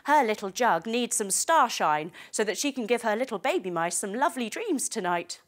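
A children's yoga teacher tells a story playfully and with animation while giving gentle instructions. Her voice is a little high and moves at a normal speed.

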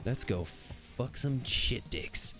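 A man's voice: mid-range voice, lively intonation, slow pace, soft background music. A man live-streaming a VR shooter, bantering with his chat in a crude, playful way. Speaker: game streamer.

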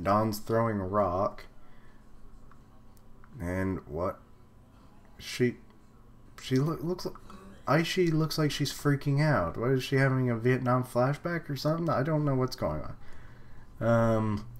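A man's voice: mid-range voice, measured pace. A young man reading manga panels aloud and commenting in a casual live reaction, with frequent fillers and little laughs.

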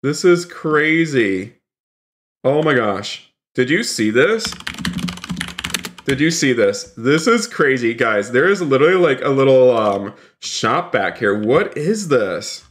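A man streaming a role-play game live, excitable, talking to his chat and repeating himself. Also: mid-range voice, slow. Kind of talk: live gameplay commentary.

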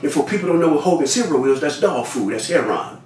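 Lively man telling a story in a roomy space. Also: quick pace. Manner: talks straight to listeners, repeats cues to remember; acts out other people's lines with big pitch jumps. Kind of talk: animated spoken storytelling. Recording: roomy sound from a distant mic with faint noise.

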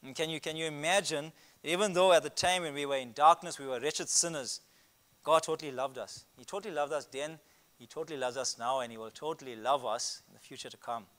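A man preaching a sermon, stressing key words loudly and slowing down for scripture quotes while explaining word meanings step by step. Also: on the high side.

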